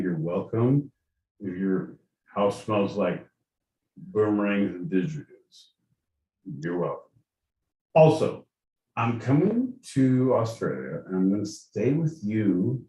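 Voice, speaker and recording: Slow-talking, swearing podcast co-host. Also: male voice, lowish voice. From Southern California. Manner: swearing, loud, mock-outraged. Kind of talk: profane comedic podcast banter. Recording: echoey room, far from the mic.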